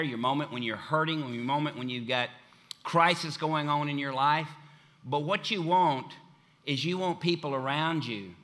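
Bright, emphatic male preacher. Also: mid-range voice. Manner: emphatic, repetitive preaching cadence. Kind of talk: sermon.

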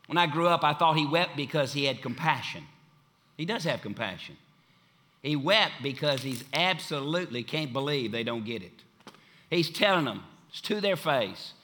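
A man's voice: fairly high pitch, lively intonation, moderate pace, pushed and bright. A man preaching a sermon with an emphatic, repetitive cadence.

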